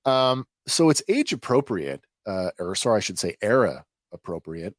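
A man hosting a podcast, recapping a TV episode in a conversational, halting way. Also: fairly low pitch, big pitch swings, no room sound, studio quality. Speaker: podcast host.

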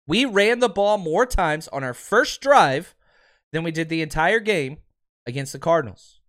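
A man's voice: fairly high pitch, expressive, unhurried, a bit bright. A man hosting a sports podcast, giving emphatic, ranting fan commentary and answering listeners.

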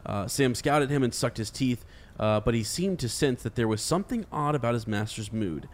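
A man's voice: medium pitch, animated, fairly quick, slight background noise. A man in a casual book discussion who teases, laughs easily and reads passages aloud with many fillers.

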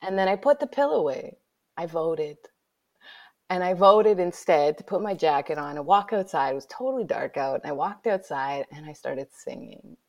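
A woman in her thirties with a lowish, gravelly voice shares a personal story as an interview guest. She swings between hushed whispers and loud, animated exclaiming. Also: moderate pace. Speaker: guest, author.

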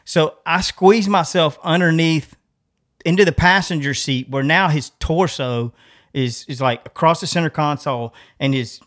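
A middle-aged man, a podcast co-host telling a long story in a casual, animated way, laughing often and acting out the voices of the people in it. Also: fairly high pitch, normal speed.

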